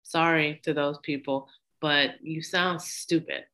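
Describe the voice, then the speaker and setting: A woman's voice: low-pitched, steady tone, takes it slowly, a bit bright. A woman co-hosting a podcast, recapping a movie in casual chat, blunt and laughing often as she acts out the characters' lines. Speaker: podcast co-host.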